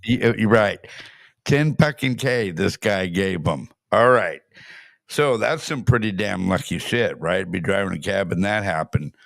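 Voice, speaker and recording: A man's voice: sits low, lively intonation, measured pace, gravelly, fairly bright tone, no room sound, clean studio sound. A man hosting a show, chatting casually and explaining a played story, with some swearing. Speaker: host reacting to a clip. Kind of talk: casual commentary.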